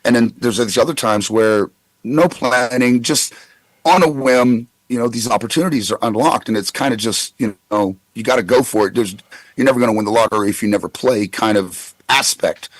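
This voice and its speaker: A man's voice: mid-range voice, a little fast, no room sound, poor audio. A man in his forties who tells rambling anecdotes with stammered restarts in a casual interview. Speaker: guest voice actor.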